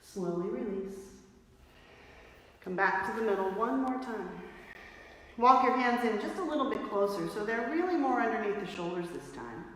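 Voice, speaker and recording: A woman's voice: mid-range voice, lively intonation, normal speed. A woman teaching a yoga class, giving playful, encouraging cues paced with the breath. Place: yoga studio. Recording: roomy studio echo with light noise.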